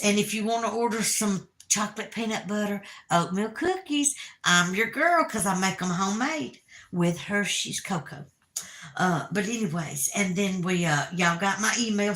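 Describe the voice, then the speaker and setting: A middle-aged woman with a Southern US drawl chats with her livestream viewers in a folksy, homey way. She takes her time over every sentence. Her voice has a bright, sharp edge. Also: medium pitch, a little hiss or hum. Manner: chatty, folksy, talks straight to her viewers. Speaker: livestream host. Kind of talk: casual livestream chat.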